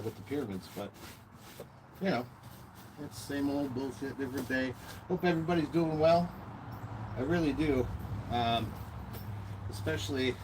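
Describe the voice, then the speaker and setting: Tired, profane male streamer from Minnesota, rambling chat, noisy traffic behind. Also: mid-range voice. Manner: rambling and profane, lots of fillers and swearing. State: tired, worn out from the heat. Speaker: live-stream host. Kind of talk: casual live-stream chat while painting. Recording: noisy background with passing vehicles.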